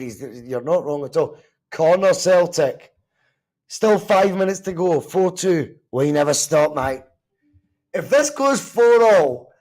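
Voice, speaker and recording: A Scottish man hosting a live football watch-along podcast, chatting casually, reacting to the match and the chat with animated, sometimes sweary remarks. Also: on the high side. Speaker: podcast host.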